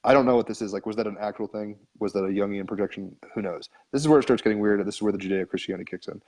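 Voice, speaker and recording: A man's voice: fairly low pitch, very fast, a little mellow. A man, a podcast guest, telling a long story in a casual, rambling way, full of "like" and casual swearing. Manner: rambling, filler-heavy, frequent "like", casual swearing.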